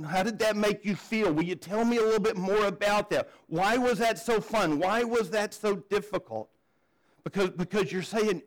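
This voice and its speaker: Male pastor preaching, conversational, fairly high-pitched, restarts sentences, asks the room questions. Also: low-quality recording. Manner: conversational, repeats words when starting sentences, asks the audience questions. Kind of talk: sermon. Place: church.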